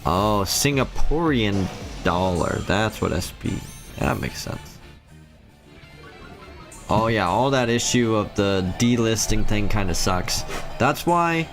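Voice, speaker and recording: A man's voice: on the low side, slow, over music. A man from the Philippines, chatting casually on a live game stream and answering chat.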